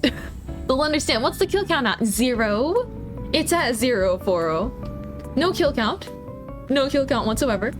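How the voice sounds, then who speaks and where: A woman's voice: sits high, expressive, a little slow, long pauses, music in the background. A woman streamer chatting playfully and giggling while playing a driving game. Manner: playful, giggly, teasing chat. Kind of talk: casual gaming stream chat.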